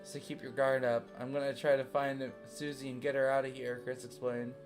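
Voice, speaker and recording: A man's voice: medium pitch, little pitch movement, moderate pace, soft background music. A young man reading fanfiction aloud for laughs, swearing and self-mocking as he comments on it. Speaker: reader reacting to fanfiction.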